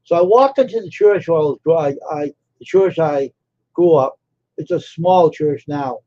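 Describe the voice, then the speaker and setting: A man's voice: on the high side, moderate pace, dark tone. A man hosting a live stream, telling a personal story in a casual, rambling way and repeating phrases for emphasis. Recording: dull lo-fi stream audio.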